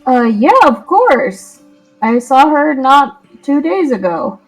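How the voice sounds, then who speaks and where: A woman playing in a tabletop game, playful and quick to laugh. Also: sits high, big pitch swings, faint music behind, rough recording. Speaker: player.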